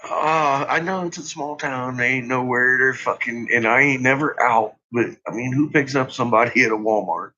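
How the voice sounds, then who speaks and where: A man's voice: medium pitch, normal speed, few pauses, pushed and bright. A middle-aged man telling stories about his son in casual chat, laughing constantly and swearing freely. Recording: dull lo-fi recording.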